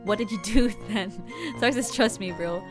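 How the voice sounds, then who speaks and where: A woman's voice: medium pitch, a little slow. Playful woman streamer joking over game music. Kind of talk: casual gameplay commentary.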